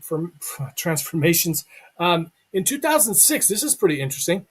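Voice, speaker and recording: A man's voice: high-pitched, sing-song, moderate pace, a bit bright, husky. A man hosting a live online show, joking with co-hosts and reading a guest introduction. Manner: joking, reads intro aloud. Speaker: show host.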